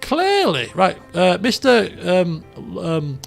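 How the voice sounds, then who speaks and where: A man with a high, gravelly voice gives casual gameplay commentary over faint game music. He rambles with plenty of fillers and breaks into excited outbursts. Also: measured pace. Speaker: let's play gamer.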